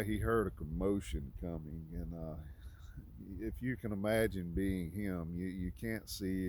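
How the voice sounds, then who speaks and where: A man giving an informal, conversational sermon, halting often with fillers and restarts. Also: deep voice, darkish tone, slight background noise. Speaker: preacher.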